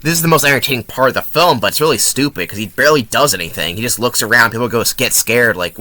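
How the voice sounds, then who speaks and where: A man's voice: mid-range voice, fast talker, hardly any pauses, pushed and bright, no echo. A young man giving a casual, sarcastic and profane movie review. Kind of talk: casual film review commentary.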